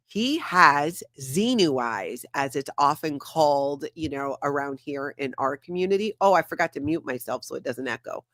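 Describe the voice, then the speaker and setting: A woman's voice: low-pitched, lively intonation, normal speed, few pauses, fairly bright tone, no room sound. Woman livestream host, chatty and loose, comments read aloud; dry, close sound. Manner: chatty, reads out viewer comments. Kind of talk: casual livestream chat.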